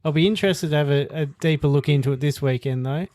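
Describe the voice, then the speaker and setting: A man co-hosting a podcast in casual chat, relaxed and a little hesitant, laughing easily. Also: on the high side, fast, no echo. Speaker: podcast co-host.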